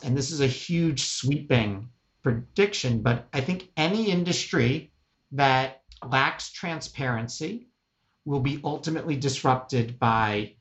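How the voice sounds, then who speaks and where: A middle-aged man speaking as an executive guest in a casual interview, emphatic and animated, often checking in with "right?". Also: mid-range voice.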